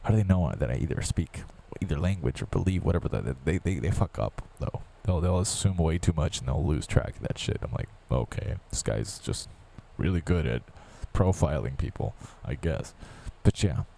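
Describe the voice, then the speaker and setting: A man's voice: extremely low pitch, expressive, normal speed, gravelly, hardly any pauses, warm tone, a little hiss or hum. A man from the United States talking in a casual, profane, rambling rant full of restarts. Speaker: vlogger.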